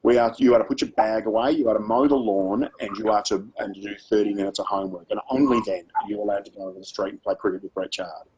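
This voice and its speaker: A man's voice: fairly low pitch, steady tone, fast, hardly any pauses, a little mellow, muffled recording, a little hiss or hum, lightly acted. A man with an Australian accent, voicing his strict, practical mother as she gives her son firm instructions.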